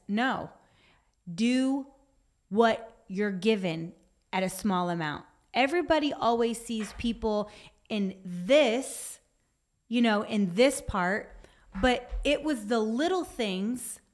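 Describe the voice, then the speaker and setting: A woman giving an earnest devotional talk, exhorting her listeners and reading from her notes. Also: on the high side. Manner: puts on a whiny voice for effect. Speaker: Christian speaker.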